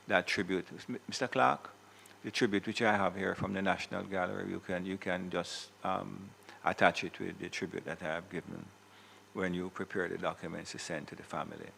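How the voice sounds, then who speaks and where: Deep gravelly Jamaican man presiding. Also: bright, forceful tone, slight background noise. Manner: measured, occasional self-corrections. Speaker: presiding officer of the senate. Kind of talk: formal parliamentary tribute. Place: senate chamber.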